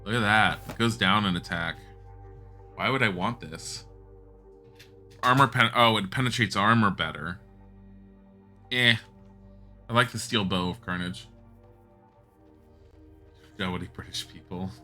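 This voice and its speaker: A man comments on a game as he plays, speaking casually and bluntly and swearing from time to time. His voice sits slightly low but has a bright, sharp edge. Light music plays quietly behind him. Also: a little slow, long pauses. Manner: chatty, blunt, swears, thinks aloud. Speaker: game streamer.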